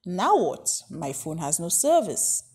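A woman's voice: lowish voice, sing-song, slow pace, darkish tone, slightly rough, pitched below the performer's own voice, heavily acted. A woman voicing a small, kind eight-year-old girl who asks earnest questions. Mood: curious.

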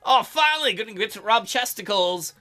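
A man's voice: sits high, expressive, fairly quick, pushed and bright. A man hosting a let's play, making joking, crude asides while reading through a visual novel game. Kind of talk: game commentary.

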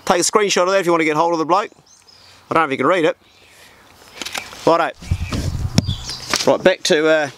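A man's voice: fairly high pitch, fairly quick, long pauses, fairly bright tone, slight background noise. A New Zealand man with a New Zealand accent, chatting in a slangy, blokey way as he opens parcels on his vlog at an old farmhouse. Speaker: vlogger. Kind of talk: casual mail-opening vlog.

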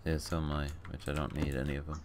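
A man's voice: very deep voice, monotone, fast, a crowd in the background. A young man streaming a game, bantering and laughing casually with a friend. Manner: joking, laughing often. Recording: keyboard clicks behind voice.

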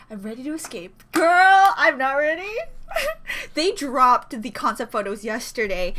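A woman's voice: high voice, sharp tone. A woman reacting to music content as a fan vlogger, rambling giddily between squeals and laughs. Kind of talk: excited fan reaction chat.

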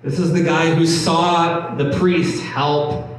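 A man's voice: a little high, little pitch movement, takes it slowly. A man preaching a sermon as pastor, earnest and emphatic, repeating his key points. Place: church hall. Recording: echoey hall from a distant mic.

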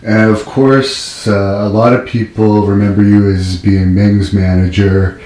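A man asks interview questions in a very low, flat voice. His tone is mellow and steady. The room gives his voice a hollow echo. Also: measured pace. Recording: roomy echo.

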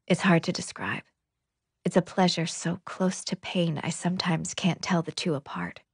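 A woman voicing a tense young man who speaks softly and haltingly, in a low breathy hush. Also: no room sound, clean studio sound. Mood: strained.

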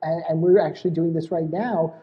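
A man's voice: a little high, steady tone, a little fast, long reverb tail, lo-fi sound. A male guest chatting casually in an interview. He rambles, with many restarts and "you know"s. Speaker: guest, essay author and podcaster.

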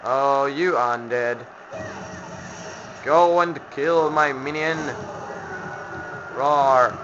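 Man, gameplay commentary, sarcastic, swearing, slow-paced, dull lo-fi recording with hiss. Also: mid-range voice. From Finland. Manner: grumbling, sarcastic, swears at enemies. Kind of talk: let's play commentary. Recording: lo-fi home mic with background noise.

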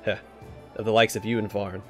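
A man's voice: lowish voice, level tone, brisk, soft background music, close to an everyday voice. A man reading aloud the lines of an arrogant, bored baron in a haughty, offhand way.

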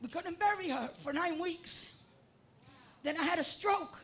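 A woman union vice president giving an emotional rally speech outdoors, building to shouts. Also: extremely high pitch, measured pace, long pauses, some chatter behind. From Latino community, United States. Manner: passionate, rising to shouts. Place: outdoors at a voting line.

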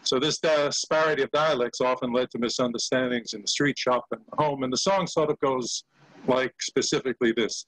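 A man's voice: mid-range voice, fairly quick, fairly bright tone, dry recording, poor audio. An older man on a video call, a Yiddish actor and singer, talking casually with many fillers and hesitations. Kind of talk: casual video-call chat with sung comic song.

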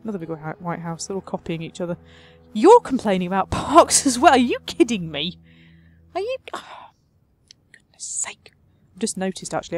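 A woman's voice: fairly low pitch, a little mellow. A woman doing casual gameplay commentary as a let's play host, chatty and sarcastic, talking back to the game, with faint music behind her.

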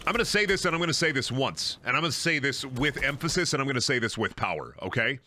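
A man's voice: medium pitch, fast talker, slight background noise. A man chatting and ranting with lots of swearing while streaming a game. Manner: animated, ranting, swears a lot. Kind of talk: casual gaming stream chat.

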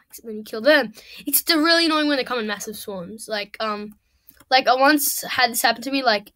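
A young woman giving casual, rambling commentary while playing a game at home, excitable and swearing freely. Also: on the high side. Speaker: gamer. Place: home room at a computer.

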